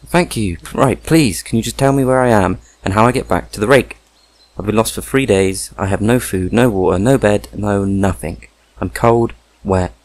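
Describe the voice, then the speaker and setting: A young British man in a comedy sketch, pleading and exasperated, swearing and yelping high in frustration. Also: normal speed, no echo. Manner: exasperated, pleading, swings into high-pitched yelps; swears a lot. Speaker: sketch performer.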